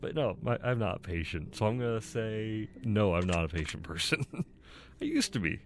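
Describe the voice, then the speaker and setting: This YouTuber takes an online personality test on his own recording, voicing the questions and giving honest, rambling answers while often laughing at himself. He speaks at normal speed in a lowish voice with big pitch swings, over slight background noise.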